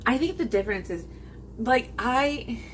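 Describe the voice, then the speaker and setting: A woman's voice: fairly high pitch, lively intonation, a little hiss or hum. Rambling woman vlogger in her forties. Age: 40s. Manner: rambling, halting, full of fillers. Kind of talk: casual chat to camera.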